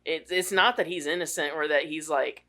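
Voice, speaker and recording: Bright-voiced casual podcast co-host. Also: male voice, on the high side, moderate pace. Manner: relaxed, reflective, with frequent fillers. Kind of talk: casual movie discussion.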